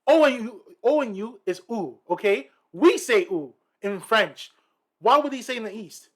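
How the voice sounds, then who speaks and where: Man from Canada, high voice, excitable, slangy, podcast co-host. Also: moderate pace. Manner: excitable, slangy, laughs loudly. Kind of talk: casual chat.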